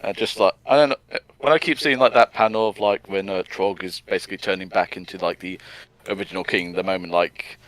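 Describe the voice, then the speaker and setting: A man casually chatting on a podcast, rambling through his thoughts and often jumping into high mock voices. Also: fairly even intonation, quick pace, a bit bright, no echo. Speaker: podcast co-host. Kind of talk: casual chat.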